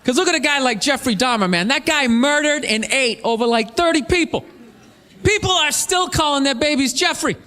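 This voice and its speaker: A man doing a stand-up routine on stage before a live audience, punching and shouting his punchlines. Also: very high-pitched, lively intonation, moderate pace. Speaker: stand-up comedian. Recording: noisy live club recording with crowd. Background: audience laughter.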